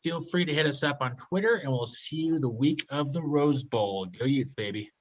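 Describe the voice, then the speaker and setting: A man hosting a casual sports podcast, wrapping up the show in a relaxed way. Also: medium pitch, normal speed. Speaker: show host. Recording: dull lo-fi sound.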